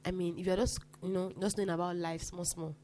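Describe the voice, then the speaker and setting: A young woman with a Nigerian accent, a podcast guest telling funny everyday stories in a casual, animated way and laughing often. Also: on the low side, fast. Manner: animated, acts out quoted people, laughs often. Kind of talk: casual storytelling chat.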